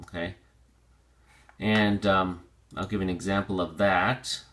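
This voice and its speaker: A male teacher with a low-pitched yet bright, forward voice walks through a vocabulary lesson. He drills pronunciation slowly and deliberately. He explains by repeating and rephrasing each point. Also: flat delivery. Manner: explains with repetition and restatement.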